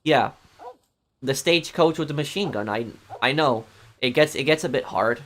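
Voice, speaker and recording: There's slight background noise as a man with a medium pitch and fairly bright tone chats with viewers during a game stream at normal speed. His replies to chat are hesitant, full of ums and restarts.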